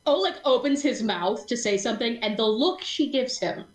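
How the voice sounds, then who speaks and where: A woman narrating as game master of a tabletop role-playing session, animated, laughing often and stumbling over restarts. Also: on the high side, moderate pace, reverberant, low-quality recording.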